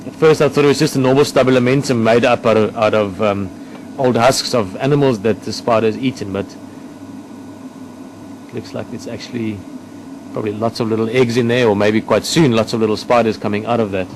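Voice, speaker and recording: A man's voice: on the low side, steady tone, fairly quick, poor audio. A man guiding a nature drive, describing what he sees in a thoughtful, hesitant way. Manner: thoughtful, hesitant, explaining as he looks. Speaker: nature guide. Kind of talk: casual on-location nature commentary. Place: outdoors in the bush near a vehicle. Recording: outdoor field recording with background noise.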